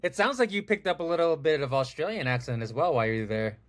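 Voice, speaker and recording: A man's voice: fairly high pitch, expressive, fast talker. An American man hosting a podcast, asking questions and giving frequent short backchannels. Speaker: podcast host. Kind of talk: casual interview.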